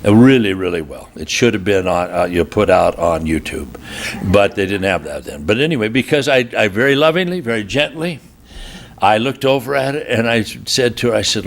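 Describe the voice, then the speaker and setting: A man preaching a sermon at a marriage retreat, telling humorous stories and leaping into high, animated voices for the people he quotes. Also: a little fast, a little hiss or hum. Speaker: pastor. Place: church retreat hall.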